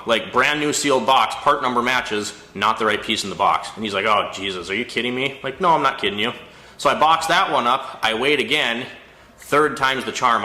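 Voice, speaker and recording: A man's voice: medium pitch, echoey room. A man, an auto mechanic, telling a frustrated story in a casual rant, with exasperated asides. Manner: exasperated, storytelling, animated retelling. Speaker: auto mechanic and shop owner. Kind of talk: casual ranting monologue.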